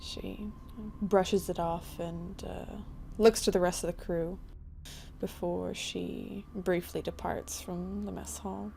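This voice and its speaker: A woman describing her character's actions in a tabletop game, measured and unhurried. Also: on the low side, level tone, gravelly, dark tone, a little hiss or hum.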